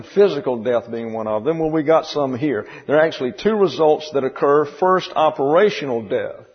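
A man's voice: medium pitch, husky. A man preaching a verse-by-verse sermon, folksy and digressive with dry humor. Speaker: pastor. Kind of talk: expository sermon. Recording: dull, distant, hall echo.

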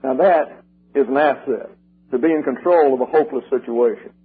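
An older man preaching a sermon, working through numbered points and repeating key slogans slowly and with emphasis, with a husky voice. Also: medium pitch. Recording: tinny lo-fi radio broadcast.

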